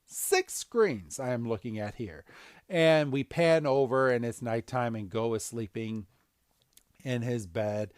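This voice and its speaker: A man's voice: medium pitch, measured pace, no room sound, clean studio sound. A man hosting a podcast, recapping a cartoon episode casually and acting out scenes. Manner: animated, acts out scenes. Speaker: podcast host.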